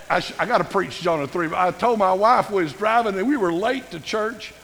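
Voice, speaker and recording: A man's voice: sits high, brisk, hardly any pauses, a bit bright, in a large hall, slight background noise, low-quality recording. An older man, preaching a sermon in a folksy, self-mocking storytelling manner. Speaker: pastor.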